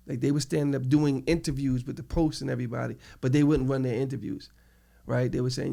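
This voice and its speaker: New york guy, middle-aged, super gravelly fry voice, tells it animated and casual. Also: mid-range voice, quick pace, few pauses. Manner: animated storytelling, acts out quoted people. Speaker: interview guest. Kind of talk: casual storytelling interview.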